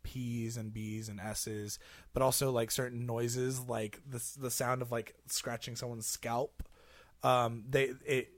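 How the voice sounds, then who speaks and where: A man's voice: mid-range voice, little pitch movement, unhurried, no echo. A man hosting a gaming podcast in casual chat, rambling with lots of fillers and laughing often. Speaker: podcast host.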